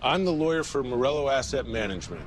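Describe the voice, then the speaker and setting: An actor playing an arrogant, self-assured star lawyer in a TV drama, cool and sarcastic, speaking in flat certainties. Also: male voice, mid-range voice, quick pace, slight background noise, natural voice. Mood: cold. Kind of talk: TV drama acting.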